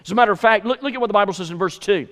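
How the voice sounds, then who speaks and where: High-voiced preacher in a hall. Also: male voice, very fast, fairly bright tone. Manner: emphatic, repeats phrases for stress. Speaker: pastor. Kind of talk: sermon. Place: church sanctuary. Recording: hall reverb.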